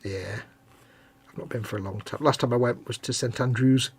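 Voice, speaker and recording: A man's voice: mid-range voice, moderate pace, slight background noise. A middle-aged man co-hosting a live hobby stream, chatting casually and teasing while he builds models. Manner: jokey, rambling, teasing.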